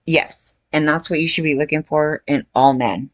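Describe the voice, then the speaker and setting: A woman's voice: low voice, fairly even intonation, normal speed, no echo. A woman in her forties giving casual reaction commentary on a news story, blunt and outraged, swearing freely. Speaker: true-crime commentary vlogger.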